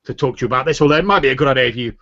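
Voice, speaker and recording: A man voicing a loud, boastful bearded tavern owner who talks in a tipsy, blustering way. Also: medium pitch, very fast, pitched above the performer's own voice, natural voice. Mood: flustered. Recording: dull lo-fi recording.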